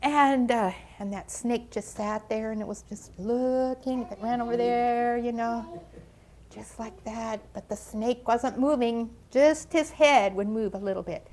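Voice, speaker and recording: A woman's voice: on the high side, a little mellow, slight background noise. An older woman telling a story dramatically at a ministry gathering, gasping, sighing and stretching out the suspense. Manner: dramatic, with gasps, sighs and drawn-out pauses. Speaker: ministry speaker. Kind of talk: animated children's storytelling. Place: church gathering.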